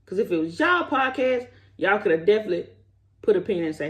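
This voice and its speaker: Animated man ranting straight to viewers. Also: high-pitched, fairly quick. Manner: animated, rising to indignant emphasis; talks straight to viewers as y'all. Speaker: commentary vlogger. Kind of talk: casual opinion vlog.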